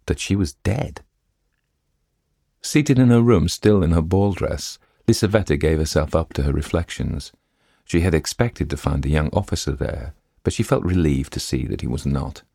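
Man narrator for a story reading, very deep and husky, measured. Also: a little mellow, no room sound, studio quality.

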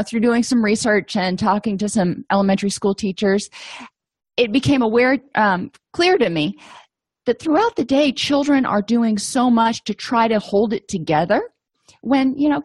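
A woman's voice: a little high, animated, normal speed, dry recording. A middle-aged woman presenting an educational lecture in a conversational, anecdotal way, with frequent fillers.

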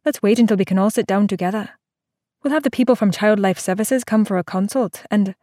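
A woman voicing a calm, firm female doctor in an audiobook, speaking in measured, even tones. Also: mid-range voice, dry recording, clean studio sound, lightly acted. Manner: measured, even, growing sharp and insistent. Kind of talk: audiobook character voice.

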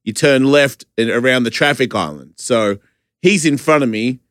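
A man spins a rowdy story in loose, profane chat, laughing through it. His voice sits at an ordinary middle pitch. The sound is close and dry. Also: normal speed, fairly bright tone, no echo. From Australia.

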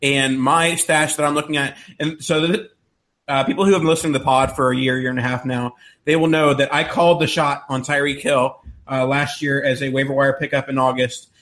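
A man's voice: mid-range voice, steady tone, fairly quick, fairly bright tone. A man co-hosting a podcast, steadily laying out his analysis in casual chat. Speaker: podcast co-host.

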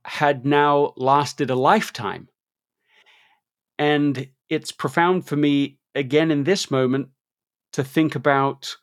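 A man's voice: fairly high pitch, no room sound. Earnest man hosting in a dry room. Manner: earnest and reflective. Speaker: host. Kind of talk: interview conversation.

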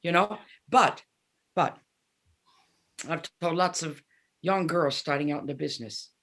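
Her voice sits low and gravelly, and she takes her time. This woman in her seventies is the guest musician in a relaxed interview, sharing frank anecdotes and acting out quoted dialogue with lively energy.

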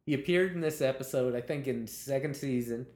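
A man, a television comedy writer, telling behind-the-scenes anecdotes in a lively way, laughing as he talks and acting out what people said. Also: medium pitch, fairly quick, echoey room. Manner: lively storyteller, laughs while talking, acts out quotes.

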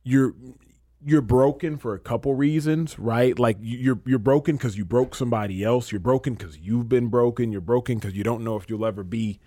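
A man's voice: medium pitch, moderate pace, dark tone, no room sound, clean studio sound. A man in his thirties, a podcast guest talking earnestly and reflectively, often repeating phrases as he works through feelings. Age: 30s. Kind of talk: emotional casual conversation.

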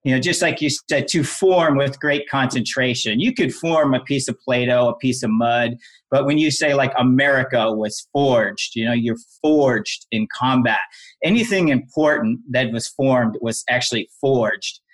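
A man's voice: medium pitch, normal speed. A man, a guest on a podcast, telling his story in an earnest, emphatic conversational way. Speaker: podcast guest, apparel brand founder.

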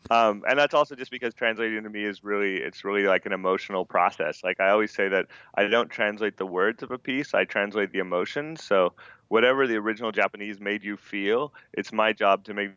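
A man with a very low voice and a bright, forceful tone talks animatedly about his craft as a translator. He is opinionated and peppers his speech with "you know." The sound is dry and a little dull. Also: fairly quick, clean tone, no echo. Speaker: manga translator guest. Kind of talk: podcast conversation.

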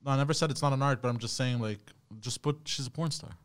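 A man speaks in a hesitant, mumbling way in a casual podcast chat. His voice has a middle pitch for a man. He falls back on fillers and the word bro. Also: quick pace, smooth. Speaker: podcast co-host.

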